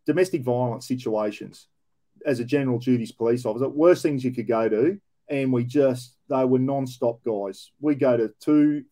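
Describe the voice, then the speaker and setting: A man's voice: mid-range voice, dark tone. A man with an Australian accent, a former police officer, telling blunt, profane stories with plenty of slang in a casual reaction commentary.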